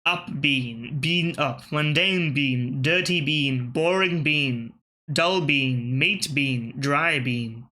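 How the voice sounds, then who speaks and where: A man's voice: a little high, takes it slowly, bright, forceful tone. A man, thinking aloud and swearing casually as he gives let's-play commentary on word puzzles. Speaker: gaming channel host.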